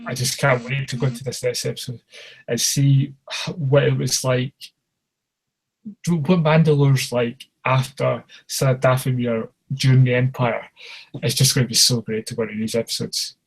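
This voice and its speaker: A British man in his thirties co-hosting a podcast, chatting in an enthusiastic, halting way. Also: medium pitch, fairly even intonation, vocal fry, slightly rough, rough recording. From United Kingdom. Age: 30s. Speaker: podcast co-host. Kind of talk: casual podcast chat.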